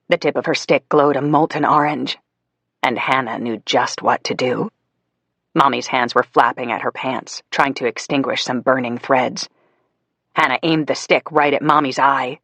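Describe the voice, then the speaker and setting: A man's voice: mid-range voice, a bit bright, no room sound. A man narrating a psychological thriller audiobook with tense storytelling. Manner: tense storytelling, rising on the child's thoughts.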